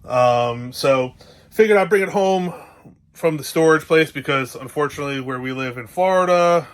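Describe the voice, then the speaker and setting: Speaking at a normal pace in a voice on the high side, this New Jersey-accented man gives a casual show-and-tell vlog from his travel trailer. He rambles cheerfully about his gear, leaning heavily on fillers.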